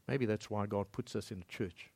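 A man preaching a sermon as pastor in a church, swinging between loud emphatic lines and soft low passages. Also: moderate pace, no room sound.

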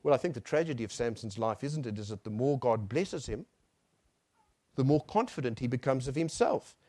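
A male preacher giving a sermon. He swells on key phrases and then drops to a near hush. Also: mid-range voice, animated, a little fast, dry recording.

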